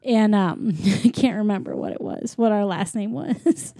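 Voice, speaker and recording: A woman's voice: medium pitch, big pitch swings, measured pace, gravelly, warm tone, no room sound, clean studio sound. A woman chatting casually while retelling a film plot, with "like" in nearly every sentence. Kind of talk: casual chat recapping a film.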